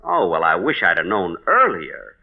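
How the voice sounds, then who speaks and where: A man's voice: sits low, big pitch swings, moderate pace, creaky. A man hosting a 1940s radio comedy show with fussy, exasperated timing. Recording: dull noisy old radio broadcast.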